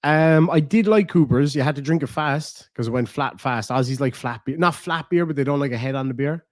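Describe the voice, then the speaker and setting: A man's voice: fairly high pitch, brisk, no echo. Irish male streamer, casual and profane, easygoing chatter, dead-dry mic. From Ireland. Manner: profane, chatty, laid-back. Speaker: reaction streamer. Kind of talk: casual rambling chat to viewers.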